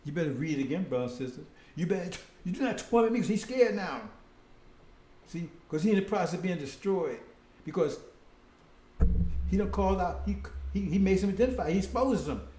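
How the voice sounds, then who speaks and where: A man's voice: high voice, animated, brisk, pauses often, dark tone, reverberant. A man preaching a casual, conversational sermon, often breaking in with "see?" and "right?".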